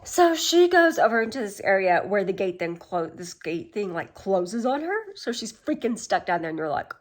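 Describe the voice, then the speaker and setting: A woman's voice: mid-range voice, very animated, moderate pace. Chatty woman rambling through a recap. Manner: chatty, rambling, heavy use of "like" and "um". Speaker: film summary vlogger. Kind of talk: casual spoken film recap.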